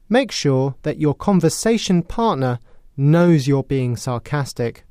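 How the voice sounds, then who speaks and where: Measured British man teaching English. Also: fairly high pitch, warm tone, no room sound, studio quality. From Britain. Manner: clear, measured, explanatory, with acted sarcastic example lines. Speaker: English teacher presenting a lesson. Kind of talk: scripted educational narration.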